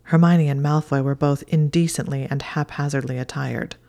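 A woman reading a story aloud in a soft, intimate reading voice. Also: sits low, fairly even intonation, normal speed, creaky. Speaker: narrator. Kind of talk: fan fiction reading.

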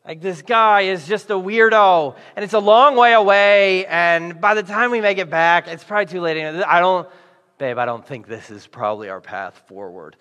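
A man's voice: high-pitched, normal speed, pushed and bright. A man voicing a skeptical wealthy official who hedges and resists his wife's demand. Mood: reluctant. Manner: reluctant, hedging. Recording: echoey hall.

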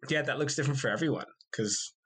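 A male podcast co-host in loose, casual conversation. He pokes fun at himself and laughs often, mixing quick asides with playful quotes of what others say. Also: medium pitch, fairly bright tone, slightly rough. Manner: self-deprecating, laughs often, playful quoting. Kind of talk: casual chat.

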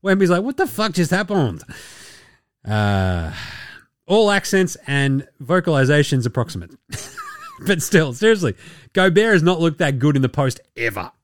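An Australian man hosting a sports podcast, talking in a profane, joking, excitable way. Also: on the high side, normal speed, no room sound, studio quality. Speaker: podcast host. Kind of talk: casual sports commentary.

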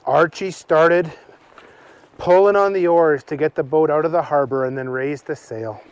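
A man telling an improvised children's story slowly while outdoors on a hike. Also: a little high. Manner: slow, unhurried storytelling.

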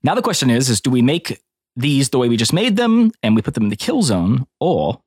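Guy at a tabletop game, hesitant with lots of ums, lively pitch, dry mic. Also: fairly quick, breathy edge, dry recording. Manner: hesitant, full of ums, animated when planning. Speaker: player.

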